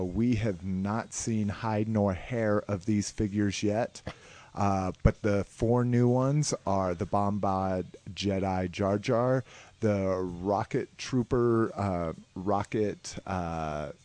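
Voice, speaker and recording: A man's voice: low voice, a little mellow. A man co-hosting a casual toy-news podcast, patient and easygoing, with plenty of "uh"s between items. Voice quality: laid-back, patient delivery with filler "uh"s. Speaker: podcast co-host.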